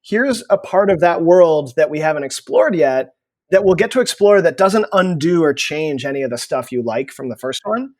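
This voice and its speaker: A man's voice: a little high, expressive, normal speed, a little mellow, dry recording. Man on a dry close mic. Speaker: guest, TV writer. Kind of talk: casual chat.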